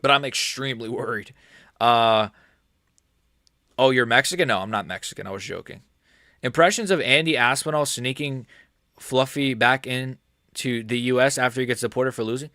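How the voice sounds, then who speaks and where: A man's voice: medium pitch, normal speed, pushed and bright, no echo, studio quality. A man rambling crudely through a casual livestream chat about fights. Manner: rambling, crude joking, trails off. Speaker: MMA streamer.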